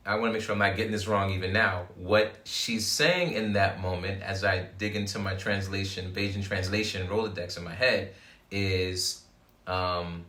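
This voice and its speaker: Male co-host, serious and dry-humored, lowish bright voice, echoey room. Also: steady tone, normal speed. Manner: serious, thoughtful, joking dryly. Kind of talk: casual chat.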